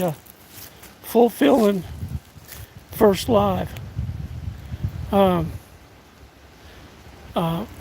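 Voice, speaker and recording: Hoarse, gravelly older man in the woods. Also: high voice, a little mellow, poor audio. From United States. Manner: folksy, halting, thanks viewers by name. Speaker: live streamer. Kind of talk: casual live-stream chat. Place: outdoors in windy woods. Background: faint wind and rustling leaves.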